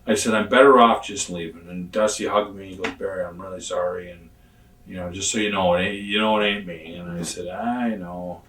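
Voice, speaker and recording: A man's voice: sits low, fairly even intonation, brisk, fairly bright tone, a little hiss or hum. A man in his sixties telling blunt, profane stories in a casual interview and acting out what other people said. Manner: blunt, profane, acts out quoted dialogue. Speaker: retired pro wrestler telling stories. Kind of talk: casual shoot interview storytelling. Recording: roomy sound from a distant mic.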